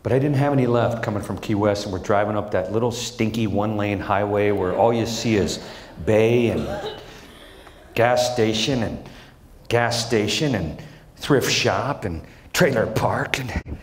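A middle-aged man performing a stand-up comedy set on a large theater stage, telling stories with lively energy and acting out his family's voices. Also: lowish voice, measured pace, pauses often. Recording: echoey live theater with audience.

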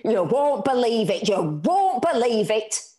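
A woman voicing a blunt, bossy older working-class grandmother who shouts and insists. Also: medium pitch, lively intonation, moderate pace, pitched above the performer's own voice, lightly acted. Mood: outraged. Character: aging working-class mother, loud, scornful, bossy.

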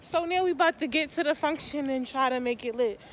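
A woman's voice: high voice, a little fast, slight background noise. A young adult woman vlogging casually, slangy and laid-back, with laughing asides. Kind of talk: casual vlog chat. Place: outdoors on a college campus at night.

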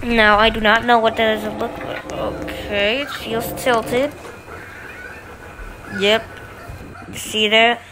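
High-voiced woman narrating gameplay over loud noise. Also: fairly even intonation, takes it slowly, pauses often. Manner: chatty, exclaims and repeats itself under stress. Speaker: gaming video narrator. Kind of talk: excited gameplay commentary.

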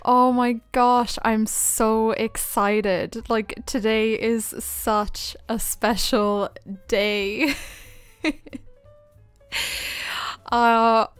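A woman's voice: on the high side, fairly even intonation, very slow, pauses often, smooth, no room sound, faint music behind. Giggly, gushing woman streamer. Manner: giggly, gushing, laughs often. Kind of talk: excited livestream chat.

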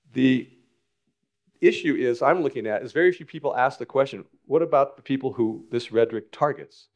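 An older man addresses an audience in a lecture hall. His voice sits in an ordinary male pitch range. He talks with animated emphasis, often stopping to restart a word or phrase. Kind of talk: public lecture.

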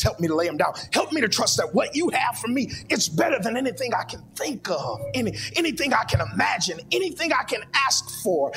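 A man preaching a sermon in a church, with fervent, prayerful repeated pleas. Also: sits high. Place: church sanctuary. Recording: long hall reverb with soft music behind.

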